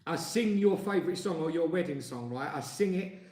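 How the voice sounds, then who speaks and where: A man's voice: on the high side, lively intonation, brisk, darkish tone, roomy sound. A man in his forties with an East London accent, co-hosting a casual live-stream chat and joking with viewers. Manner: jokey, banters and teases. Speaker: co-host.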